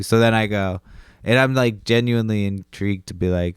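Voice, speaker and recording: A man's voice: fairly low pitch, steady tone, normal speed, vocal fry, clean tone, no echo, clean studio sound. A young adult man hosting a solo podcast, rambling casually with lots of profanity, fillers and restarts. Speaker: podcast host.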